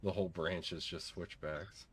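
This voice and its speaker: Deep-voiced man teasing his co-player. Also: steady tone, moderate pace. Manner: dry, teasing. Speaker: game player and co-host. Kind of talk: casual gameplay chat.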